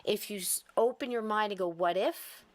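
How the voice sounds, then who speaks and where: A woman's voice: mid-range voice, normal speed. A woman hosting a podcast, talking casually and rambling with lots of laughter. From US East Coast. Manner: chatty, rambling, laughs often. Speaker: podcast host.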